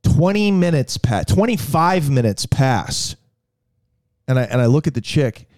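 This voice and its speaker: A man's voice: mid-range voice, big pitch swings, unhurried, a little mellow. A man telling a crude comic story on a podcast, ranting with lots of swearing and stammered restarts.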